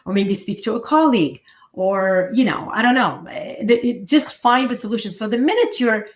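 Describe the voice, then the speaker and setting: A woman's voice: a little high, animated, normal speed. A middle-aged woman hosting a podcast conversation, explaining with energy and acting out quoted inner voices. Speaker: podcast host. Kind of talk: casual conversational interview.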